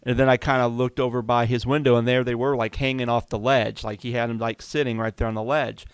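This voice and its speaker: A man's voice: medium pitch, little pitch movement, quick pace, smooth, no room sound. A man hosting a podcast, telling a candid personal story in a confessional, conversational way with many fillers. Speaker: podcast host.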